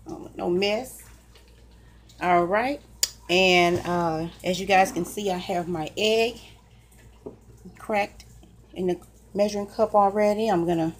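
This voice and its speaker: A woman's voice: medium pitch, a little hiss or hum. A woman chatting casually to viewers while she cooks breakfast in her home kitchen, folksy and talkative. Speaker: cooking vlogger. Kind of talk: casual cooking chat.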